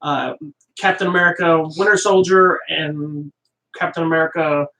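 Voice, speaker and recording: A man's voice: on the high side, fairly even intonation, moderate pace, sharp tone, recorded from a distance. A man co-hosting a casual movie review podcast, rambling and joking, often correcting himself mid-sentence. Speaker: podcast co-host. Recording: roomy sound from off-mic.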